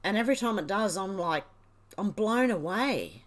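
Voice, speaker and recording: A woman hosts a live chat stream, reading her viewers' comments aloud. She is tearful and emotional, and her voice sits at an ordinary middle pitch. Her delivery is casual and unscripted. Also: expressive, normal speed. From Australia. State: crying. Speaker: livestream host.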